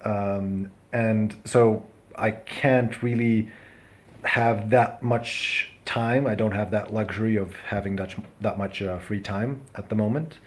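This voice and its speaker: A man's voice: fairly low pitch, steady tone, takes it slowly. A young man from Serbia, a native Serbian speaker, hosting a casual live chat and answering comments in a hesitant, friendly way. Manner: hesitant, many ums and restarts, friendly. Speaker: live stream host.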